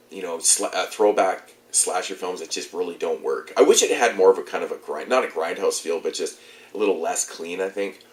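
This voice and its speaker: A man's voice: deep voice, echoey room. A young man with a stuffed-up, congested voice, casually rambling through a movie review with loose, swearing chat.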